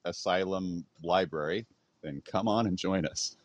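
A man's voice: low voice, a little slow. A man co-hosting a casual comedy podcast in a laid-back, playful way. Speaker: podcast co-host.

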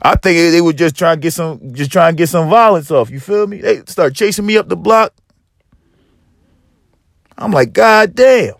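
A man hosting a podcast, telling a profane comedic monologue with lively storytelling, acting out other people and rising to yelling. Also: on the high side, moderate pace, creaky, long pauses, dry recording, clean studio sound. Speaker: podcast host.

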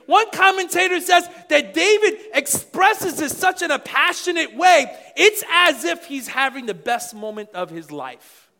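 Pastor, middle-aged man, high bright tone, passionate sermon delivery. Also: expressive, moderate pace, vocal fry, few pauses. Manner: passionate preaching that swings from quiet asides to shouts.

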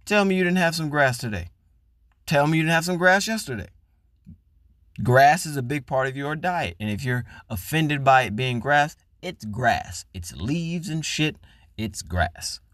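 A man's voice: a little high, expressive, unhurried, no echo, studio quality. Profane ranting podcast man. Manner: loud, swearing, mocking. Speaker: podcast host. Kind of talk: profane comedic rant.

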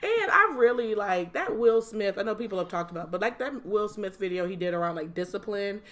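A woman's voice: mid-range voice, animated, fairly quick. Young woman podcast cohost, chatty and emphatic, normal mid voice, keeps calling out to listeners. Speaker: podcast co-host. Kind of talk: casual chat.

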